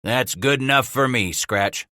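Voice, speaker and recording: A man's voice: mid-range voice, unhurried, pushed and bright, no echo, studio quality, voice pushed up. A man voicing a commanding male trapper brigade leader who gives blunt orders.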